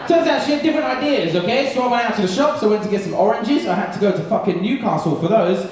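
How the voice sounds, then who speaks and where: A man from England performs a stand-up routine on a club stage, swearing freely and acting out little scenes as he tells them. His voice sits a bit high for a man. It is caught from a distance in a very echoey live room. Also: a little fast, hardly any pauses. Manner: sweary, animated storytelling with voiced characters. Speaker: stand-up comedian. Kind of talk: stand-up comedy set. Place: comedy club stage with audience.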